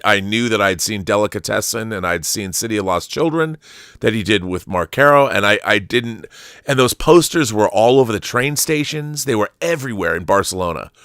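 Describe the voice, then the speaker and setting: Give me a middle-aged host in casual chat, crisp and bright, recorded dry. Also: male voice, medium pitch, no room sound. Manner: rambling, restarts, emotional storytelling. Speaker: channel host.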